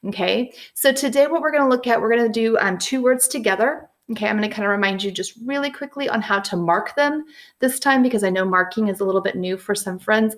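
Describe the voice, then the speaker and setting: A woman teaching young children a phonics lesson, patient and encouraging, slowly sounding out letters and words. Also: mid-range voice, gravelly. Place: at home with a whiteboard.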